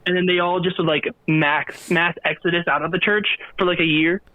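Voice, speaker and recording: A man's voice: sits high, fairly quick, no room sound, narrow, tinny audio. A man calling in as a guest, telling stories and joking in casual chat. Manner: joking, animated storyteller. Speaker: phone-in guest.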